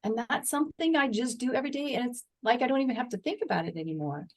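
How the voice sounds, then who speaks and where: A woman's voice: fairly high pitch, quick pace. An older woman speaking as a guest in an interview, earnest and encouraging in a folksy way, sometimes acting out her own inner dialogue. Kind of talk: interview conversation.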